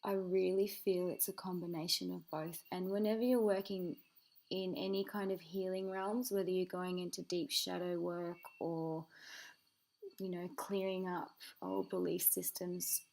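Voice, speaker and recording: A woman's voice: on the low side, little pitch movement, measured pace, gravelly, a little mellow, rough recording. A woman answering a viewer's question about spiritual growth in a rambling, earnest way, with many fillers. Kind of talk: casual unscripted talk to camera.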